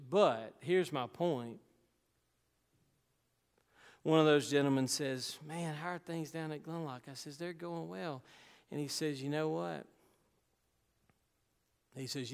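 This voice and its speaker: A man's voice: medium pitch, vocal fry, clear, resonant tone. Male pastor, emphatic sermon voice with folksy asides, long church reverb. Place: church sanctuary.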